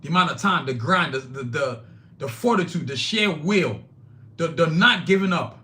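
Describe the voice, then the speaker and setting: A man's voice: on the high side, animated, normal speed, pushed and bright. A man hosting his own live-streamed podcast, talking emphatically and bluntly, with frequent profanity, straight to his chat. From Nigeria. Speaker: podcast host.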